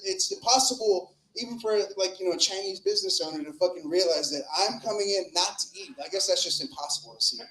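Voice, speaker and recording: Fast-talking crude stand-up comic, high voice. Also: male voice, a bit bright. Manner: crude, rambling, profane. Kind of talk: open-mic stand-up set. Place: comedy club stage. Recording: echoey club room.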